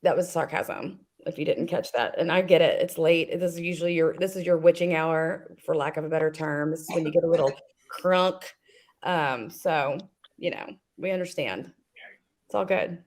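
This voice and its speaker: A woman's voice: low-pitched, moderate pace, a little mellow. A woman speaking sarcastically and pointedly while confronting someone in a group discussion.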